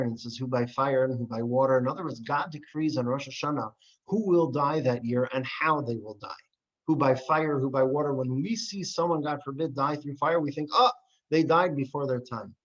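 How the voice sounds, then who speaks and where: A man teaching a class on Jewish texts, reading passages aloud and explaining them earnestly. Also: medium pitch. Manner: earnest, animated, reads and paraphrases text aloud. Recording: dull lo-fi recording.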